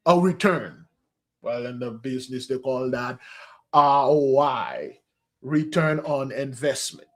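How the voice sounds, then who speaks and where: This is a slow-paced, medium-pitched male voice preaching on a fasting day. Emphatic in his spiritual teaching, he calls his hearers "beloved" and slips into street slang.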